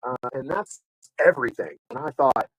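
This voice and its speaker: At normal speed, a man with a mid-range, breathy-edged voice hosts a live online show and tells a long, casual story. He animatedly acts out the other people's lines and rambles with frequent fillers and restarts, on a low-quality recording with no room sound.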